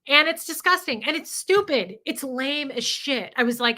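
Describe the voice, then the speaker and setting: A woman's voice: high-pitched, lively intonation, normal speed, few pauses, sharp tone. A woman hosting a livestream, talking candidly and emotionally, swearing freely as she reads viewer comments. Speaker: livestream host.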